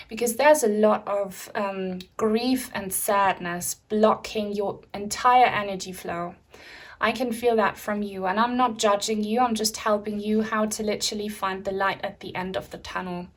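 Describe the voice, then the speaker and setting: A young woman giving a spiritual tarot reading to camera, talking softly and reassuringly, a little out of breath. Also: mid-range voice. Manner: soft, slow and soothing, with gentle repeated reassurances. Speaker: tarot reader.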